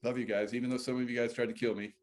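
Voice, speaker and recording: This livestream host is a middle-aged man whose mid-range voice sounds a little mellow and stays level in tone even as he races along. He rambles chattily, often cutting himself off partway through a thought, recorded through a phone or computer microphone.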